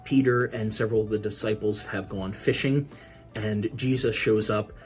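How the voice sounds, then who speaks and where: Podcast host, male, low-pitched, relaxed conversational teacher of scripture. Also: moderate pace, soft background music. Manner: relaxed, explanatory, with casual asides.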